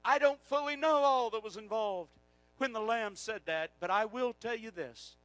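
A man preaching a sermon, swinging from hushed passages to shouted climaxes. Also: high voice, normal speed, no room sound, soft background music, poor audio.

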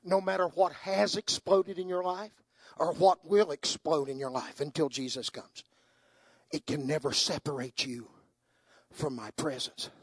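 An older man preaching a sermon, moving from hushed, tender storytelling to soaring, impassioned climaxes. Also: a little high, fairly even intonation, a little slow, slightly rough, dry recording.

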